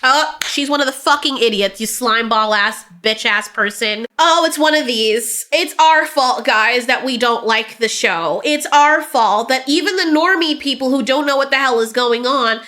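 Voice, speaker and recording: A woman's voice: high voice, moderate pace, hardly any pauses, sharp tone. A woman giving blunt, sarcastic reaction commentary, swearing freely and laughing often. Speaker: reaction streamer.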